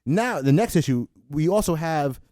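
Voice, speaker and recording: A man's voice: fairly high pitch, normal speed, dry recording, clean studio sound. A man co-hosting a comic book podcast, chatting casually and acting out lines he quotes. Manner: animated, acts out quoted villain lines. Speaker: comic show co-host.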